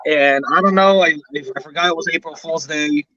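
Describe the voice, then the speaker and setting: A man in his thirties hosting a casual chat, telling stories with animated, exaggerated outrage. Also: on the high side, a little fast, no echo, dull audio. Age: 30s. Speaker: podcast host.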